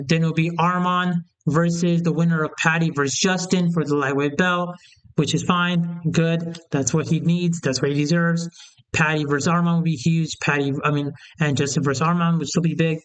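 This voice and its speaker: Young male commentator, slightly high smooth voice, opinionated rambling rant. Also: level tone, normal speed, poor audio. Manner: opinionated, heated, rambling with restarts. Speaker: MMA commentator. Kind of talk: casual opinion rant to camera.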